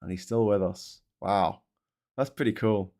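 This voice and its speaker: A middle-aged man hosts a live stream, reading out viewer comments. He rambles, swears freely and laughs a lot, with a fairly low voice. His talk is loose and chatty, full of restarts. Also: unhurried, a little mellow.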